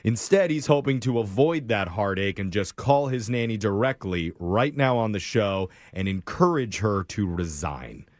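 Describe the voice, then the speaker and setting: A man hosts a radio show in an upbeat, guiding way. His pitch moves a lot, and the studio sound is dry. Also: lively intonation, moderate pace, hardly any pauses, no room sound. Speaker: radio host. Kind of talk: morning radio show banter.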